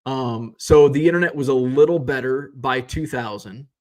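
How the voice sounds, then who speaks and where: A man's voice: mid-range voice, moderate pace. A middle-aged man from the United States hosting a casual live-stream show, reading viewer comments and rambling through tangents with frequent self-corrections.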